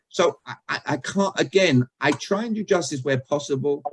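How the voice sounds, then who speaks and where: A man's voice: on the high side, expressive, moderate pace, slight background noise, poor audio. A British-born man running an online communication workshop, joking and asking his audience questions. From Britain. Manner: chatty, jokey, asks the audience questions. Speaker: communication trainer. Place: video call.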